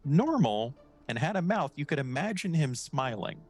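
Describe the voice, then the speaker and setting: A man's voice: a little high, big pitch swings, moderate pace, a little mellow, slightly rough, soft background music. A man narrating as game master, casual and hesitant with many fillers.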